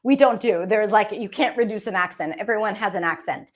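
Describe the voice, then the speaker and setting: A woman's voice: mid-range voice, a little fast. A woman with an Israeli accent, a native Hebrew speaker, teaching English pronunciation and fluency and checking in often with "okay?" and "right?". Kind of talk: teaching presentation.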